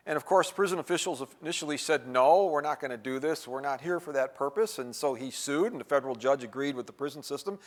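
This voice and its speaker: Male pastor, slightly high-pitched, conversational sermon with sudden loud peaks, recorded in a reverberant sanctuary. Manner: conversational, rhetorical questions, wide swings in loudness. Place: church sanctuary. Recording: church sanctuary with long reverb.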